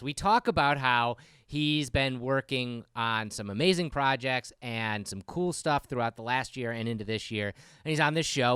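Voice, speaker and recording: A man hosting a podcast in casual chat, animated and rambling, laughing often. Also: mid-range voice, smooth, no echo, studio quality. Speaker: podcast host.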